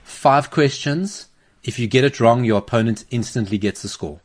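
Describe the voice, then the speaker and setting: A man's voice: on the low side, steady tone, fast. A South African man who is standing in as host, chatting casually and playfully, joking and laughing a lot on a studio mic. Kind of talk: casual chat. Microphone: studio microphone.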